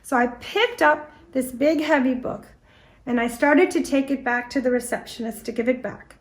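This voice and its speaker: A middle-aged American woman giving a lively storytelling talk about a research trip, acting out bits of dialogue as she goes. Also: high voice, normal speed. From United States. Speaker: guest speaker on antique doll history. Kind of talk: storytelling presentation.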